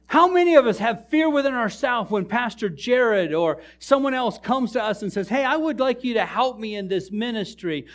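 Guy preaching a sermon in church, high lively voice, cracking jokes with the crowd. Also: moderate pace, few pauses. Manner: animated storytelling preacher, jokes with the congregation. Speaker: pastor.

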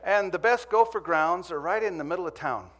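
A man's voice: high-pitched, a little fast, fairly bright tone. A man from Montana preaching a sermon, telling a humorous personal story that turns earnest. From Montana, USA.

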